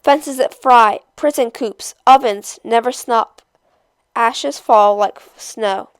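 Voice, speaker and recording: A woman reading aloud as a weary, frail, half-blind old man who speaks quietly and flatly. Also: on the high side, slow pace, smooth, no room sound. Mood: grim. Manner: quiet, flat, tired delivery.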